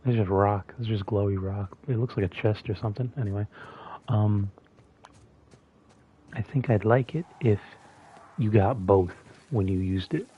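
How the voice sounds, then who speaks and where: Male gamer, low-pitched and mumbly, muses aloud through a muffled lo-fi mic. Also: moderate pace, pauses often, slightly rough. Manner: mumbly and musing, thinking aloud. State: talking with a mint in his mouth. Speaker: gameplay streamer. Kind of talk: casual gameplay commentary.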